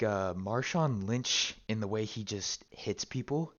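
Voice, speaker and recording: A man's voice: lowish voice, unhurried, a bit bright, dull audio. A man co-hosting a casual sports talk show, rambling and cursing freely, with lots of restarts. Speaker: sports podcast co-host. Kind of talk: casual chat.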